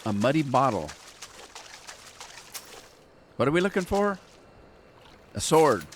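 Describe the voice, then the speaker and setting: A man's voice: medium pitch, sing-song, takes it slowly, a little hiss or hum. A man giving casual gameplay commentary, full of joking and squeamish asides. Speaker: gameplay channel host.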